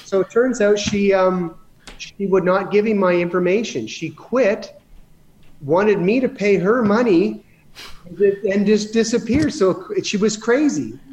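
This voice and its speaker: A man's voice: high voice, unhurried, darkish tone, a little hiss or hum. A man telling rambling stories about running his business in a casual interview, with many restarts. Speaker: guest.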